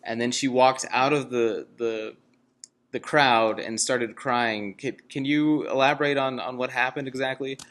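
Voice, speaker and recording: A man's voice: medium pitch, steady tone, a little slow, a bit bright. A man asking interview questions hesitantly, with many filler words.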